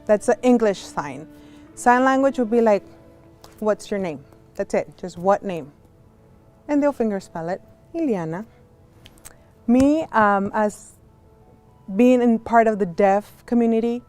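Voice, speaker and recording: A woman teaching a virtual class as a sign language interpreter, slow and clear, going through letters one by one and explaining with friendly examples and asides. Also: mid-range voice, lively intonation, darkish tone, soft background music. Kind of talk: casual instructional talk. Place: home, on a video call. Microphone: video call.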